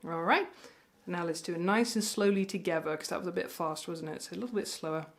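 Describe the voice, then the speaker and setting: A woman's voice: on the low side, fast. A woman teaching ukulele, talking in a friendly, encouraging way and counting beats aloud as she plays. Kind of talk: music lesson with counting along. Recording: ukulele playing loudly behind. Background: ukulele playing.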